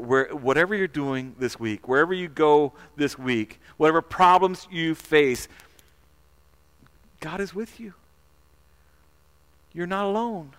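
A man's voice: medium pitch, fairly bright tone. A man preaching a sermon as pastor, earnest, often repeating words and leading his listeners in call-and-response.

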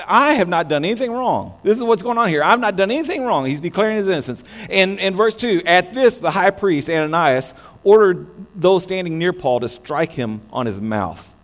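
An American man preaching a sermon, animated, often restarting his words mid-phrase. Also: sits high, moderate pace, hardly any pauses. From United States. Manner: animated, many restarts and stammers. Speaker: pastor. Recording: long hall reverb with mains hum.

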